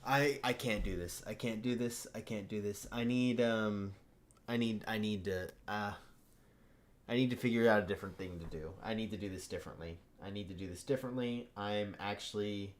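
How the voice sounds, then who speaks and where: A man's voice: on the low side, normal speed. A man streaming a game live, muttering frustrated thoughts to himself with frequent sighs. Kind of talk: live gameplay commentary.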